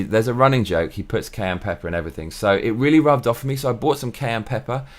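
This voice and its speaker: A man hosting his own vlog, talking in a rambling, excitable way, jumping between thoughts and swearing casually. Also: fairly low pitch, quick pace, few pauses. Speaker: vlog host. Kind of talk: casual monologue. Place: home recording in Tokyo.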